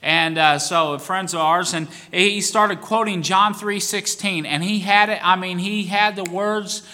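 Bright-voiced preaching pastor in a hall. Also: male voice, sits high, fairly even intonation, a little slow. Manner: preaching with rising bursts of emphasis. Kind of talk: sermon.

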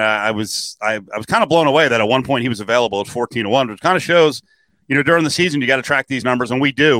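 Bright-voiced sports radio host. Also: male voice, mid-range voice, no echo. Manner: chatty, reads phone number and ad plugs.

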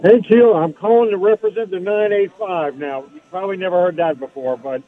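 Man, phone-in caller, from Louisiana, high-pitched, excited rambling, tinny phone-line sound. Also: brisk, dry recording. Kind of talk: phone-in call.

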